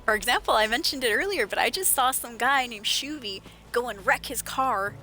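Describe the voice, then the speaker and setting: A woman streamer chatting casually while playing a game, animated storyteller who laughs often. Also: on the high side, normal speed. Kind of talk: casual gameplay livestream chat. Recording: game music behind voice. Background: game music.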